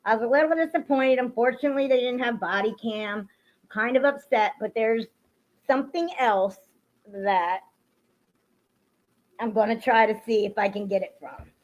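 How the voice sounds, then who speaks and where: A woman streamer talks in a casual, blunt way, swearing freely as she chats with her viewers. Her voice sits a bit high. The sound is dull and lo-fi, like cheap stream audio. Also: moderate pace, pauses often. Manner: blunt, profane, greets chat viewers by name. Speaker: livestream host. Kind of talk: casual livestream chat.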